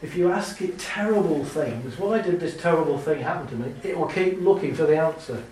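Male speaker on stage, lively storyteller with a slightly high voice, heard from off mic in a big echoing hall. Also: brisk, distant mic, a little hiss or hum. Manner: lively, chatty, laughs often, acts out little scenes. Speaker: speaker giving a talk. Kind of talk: live talk to an audience. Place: large hall with an audience.

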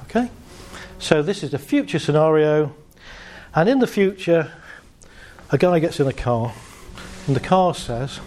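A man's voice: on the high side, unhurried, long pauses, a little hiss or hum. A man giving a playful live motivational talk to an audience, telling jokes and stories. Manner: playful, joking, animated storytelling. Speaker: motivational speaker.

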